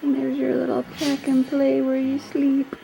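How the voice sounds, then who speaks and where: Slow, cooing young mother with gravelly fry. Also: high-pitched, completely flat delivery, poor audio. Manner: soft cooing baby talk. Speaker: new mother filming her baby. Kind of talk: home video baby talk. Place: living room at home. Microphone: handheld camcorder.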